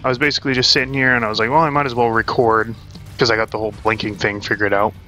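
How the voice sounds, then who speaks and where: Bright-voiced young man rambling over gameplay. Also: medium pitch, little pitch movement, racing, soft background music. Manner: rambling and profane, chatting while playing. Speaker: gaming channel host. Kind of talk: casual let's-play commentary. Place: home desk.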